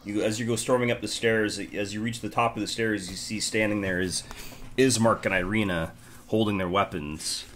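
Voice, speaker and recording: A man's voice: fairly low pitch, fairly even intonation, normal speed, a bit bright, slight background noise. A young man narrating as game master in a loose, joking way, full of fillers.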